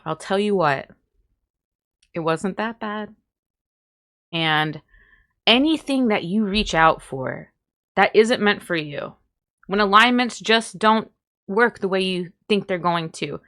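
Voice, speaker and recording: A woman's voice: mid-range voice, pushed and bright. A young woman, candidly telling a self-deprecating story about herself and laughing as she goes. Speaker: vlogger. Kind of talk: storytime vlog.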